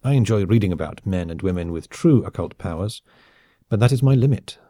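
A man's voice: on the low side, animated, fairly quick, dark tone, no echo, clean studio sound. A man reading the part of a poised, aloof woman aristocrat who speaks in a cool, polite and dismissive way. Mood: coolly dismissive.

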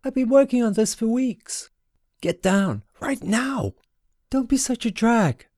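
A woman's voice: a little high, lively intonation, unhurried, a little mellow, dry recording, clean studio sound, voice pushed up. A man voicing a carefree teenage girl witch who giggles and teases. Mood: teasing. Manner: giggling, breezy and teasing.

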